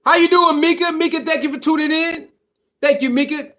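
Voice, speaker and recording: High voiced guy livestreaming, loose and repetitive, reading chat out loud. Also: fairly quick. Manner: animated, repetitive, reads chat comments aloud. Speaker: livestream host.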